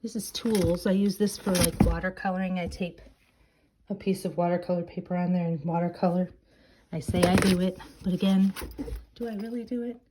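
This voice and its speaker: A woman's voice: fairly low pitch, fairly even intonation, brisk, heavy background noise. Chatty woman touring her craft office. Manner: chatty, self-deprecating asides. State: a little out of breath. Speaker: craft and journaling vlogger. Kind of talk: casual home office tour. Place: home office. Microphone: handheld camera.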